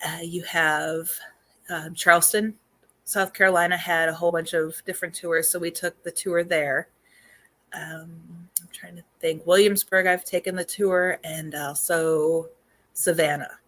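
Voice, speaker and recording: A woman hosting a casual live stream and answering viewers' questions. Her voice is hoarse and she is losing it, and she talks chattily with many ums and frequent throat-clearing. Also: on the low side, fairly even intonation, measured pace, fairly bright tone. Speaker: host.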